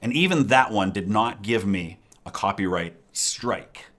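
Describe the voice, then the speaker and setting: A man who hosts a history reaction channel, explaining in a measured way with fillers how his videos work. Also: lowish voice, animated, fairly bright tone.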